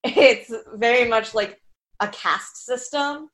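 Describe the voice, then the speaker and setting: A woman's voice: on the high side, slow pace, a bit bright. Chatty American woman, casual podcast. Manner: chatty, laughs easily, many restarts. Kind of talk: casual chat.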